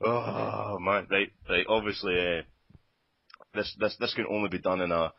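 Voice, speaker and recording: Low husky Glaswegian man, lo-fi. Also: no echo. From Scotland. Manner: giggly, stammering restarts. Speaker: podcast co-host. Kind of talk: casual podcast chat and comic rap. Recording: dull, dry lo-fi podcast audio.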